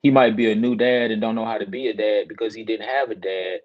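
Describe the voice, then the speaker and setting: A man's voice: lowish voice, fairly even intonation, quick pace, muffled recording. A male guest speaker talking earnestly, quoting scripture and repeating words to drive his points home. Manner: earnest, cites scripture, builds points with repetition. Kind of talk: casual chat with a preaching tone.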